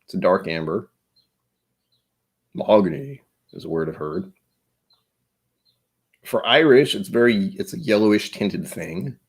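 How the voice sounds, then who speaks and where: A man's voice: lowish voice, lively intonation, measured pace, long pauses, slightly rough. A man hosting a casual livestream, rambling and chatty with frequent laughs, his voice a bit tired. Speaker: livestream host.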